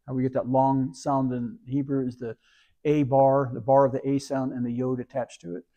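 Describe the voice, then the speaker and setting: A man leads a religious service, reading scripture aloud and then teaching Hebrew words letter by letter. His voice is warm and mellow, sitting at a middle pitch. He explains patiently, breaking each word into its sounds. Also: level tone, normal speed, lo-fi sound.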